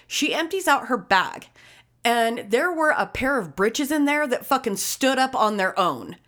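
A woman's voice: fairly high pitch, sing-song, a little slow, a bit bright. A woman co-hosting a casual chat, telling a story in a blunt, emphatic, profanity-laced way. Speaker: podcast co-host.

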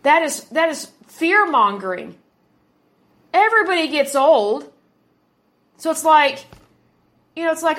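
Indignant high-voiced woman in her thirties. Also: very animated, normal speed, fairly bright tone. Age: 30s. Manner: indignant, emphatic, repeats words for stress. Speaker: podcast host. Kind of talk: opinionated commentary.

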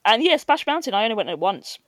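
A woman hosting a podcast, chatting casually with quick asides and frequent laughs. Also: fairly high pitch, sing-song, no echo. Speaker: podcast host. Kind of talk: casual chat.

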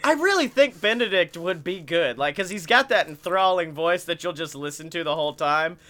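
A man co-hosting a podcast, excitable and swearing often in casual chat. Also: a little high, a little fast. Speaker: podcast co-host.

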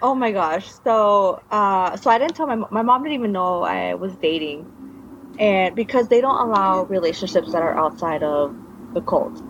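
A woman's voice: mid-range voice, lively intonation, normal speed, a little hiss or hum. A woman guest telling her personal story in a casual interview, meandering with trailing restarts. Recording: dull lo-fi recording.

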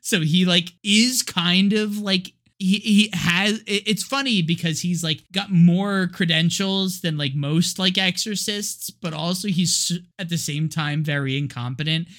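A man's voice: high-pitched, measured pace, few pauses, fairly bright tone. A man co-hosting a podcast, chatting casually about a movie, laughing often and talking with lots of filler words. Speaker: podcast co-host.

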